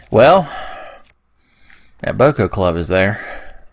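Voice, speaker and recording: A man's voice: on the low side, animated, measured pace, pauses often. A young man doing casual let's play commentary, rambling into goofy, profane rants. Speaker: gaming commentator.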